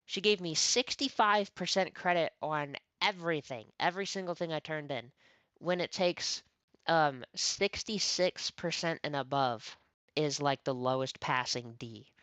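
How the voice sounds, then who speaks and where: A woman streamer telling a story in casual chat, animated and swearing, acting out the dialogue she quotes. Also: low-pitched, a little slow, no room sound. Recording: dry, dull lo-fi stream audio.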